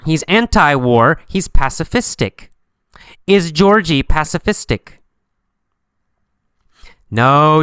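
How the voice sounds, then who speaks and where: A man teaching an English lesson, asking simple questions and answering them himself, slowly and with a lot of repetition. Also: on the high side, a bit bright, clear, resonant tone, no room sound, clean studio sound.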